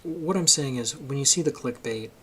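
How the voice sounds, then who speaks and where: A man's voice: medium pitch, moderate pace, pushed and bright, a little hiss or hum. A man giving a casual, emphatic opinion monologue for his video channel, getting worked up as he argues his point. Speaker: political commentary vlogger.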